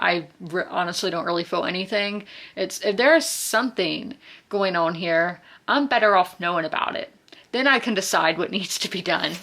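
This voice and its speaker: A woman's voice: mid-range voice, gravelly, sharp tone. A woman, chatting casually and rambling about a book, with lots of fillers and self-corrections. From South Carolina, US. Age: 20s. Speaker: book vlogger. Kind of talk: casual book review chat.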